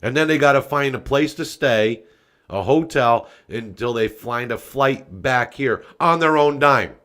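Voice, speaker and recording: A male podcast host delivers political commentary, ranting with loud outbursts and free swearing as he talks straight to his viewers in a casual, folksy manner. His voice sits in the mid-range, and his pace is a little slow.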